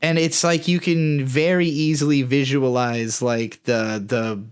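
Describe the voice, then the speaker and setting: Man, podcast co-host, loose frank banter, lots of "like" and restarts, mid pitch. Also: level tone, measured pace, clean tone. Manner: rambling, frank, with many fillers and restarts. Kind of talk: casual chat.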